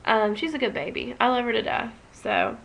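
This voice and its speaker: A woman's voice: a little high, huge pitch swings, moderate pace, creaky, a bit bright, slight background noise, rough recording. A young woman vlogging at home, talking emotionally and rambling with many restarts. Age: young adult. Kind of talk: casual emotional vlog.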